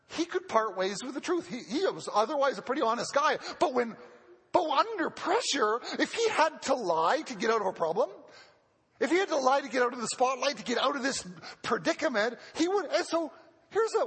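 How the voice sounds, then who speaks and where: A man's voice: very high voice, sing-song, a little fast, a bit bright. A man preaching a sermon in an earnest way, repeating phrases for emphasis and often restarting, heard with the long reverb of a large hall.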